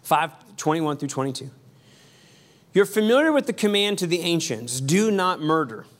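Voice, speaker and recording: A man preaching a sermon as pastor, conversational with quick asides and emphatic repetition. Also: fairly high pitch, very animated.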